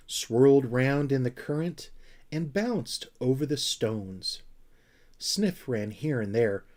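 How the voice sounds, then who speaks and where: A man narrating a children's storybook with a gentle, expressive reading. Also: mid-range voice. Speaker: audiobook reader.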